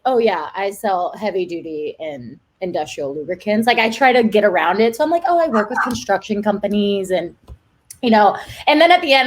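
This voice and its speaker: A woman in her twenties chats as a guest, telling stories with a giggly, rambling "like"-filled delivery. Her voice sits fairly high and swings widely in pitch. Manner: giggly, chatty storyteller, lots of "like". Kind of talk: casual chat.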